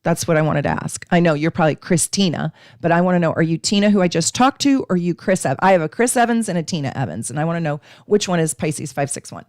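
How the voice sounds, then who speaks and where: A woman's voice: lowish voice, animated, quick pace, few pauses, darkish tone, no echo, studio quality. A woman hosting a live astrology stream, teaching casually and chatting with viewers, with frequent ums.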